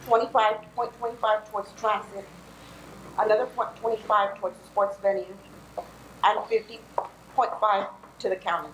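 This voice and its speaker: A woman presents city finances at a public meeting. Her delivery is friendly and a little joking. She speaks into a podium mic, and the council chamber sounds echoey, with a faint hiss underneath. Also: mid-range voice. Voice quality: raspy. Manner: friendly, joking, walks through figures.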